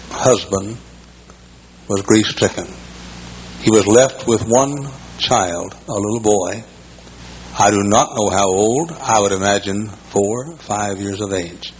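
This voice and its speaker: An older man preaching a sermon as pastor, telling a story in a folksy way and repeating key words slowly for emphasis. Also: on the low side, rough recording. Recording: faint background noise in a large church.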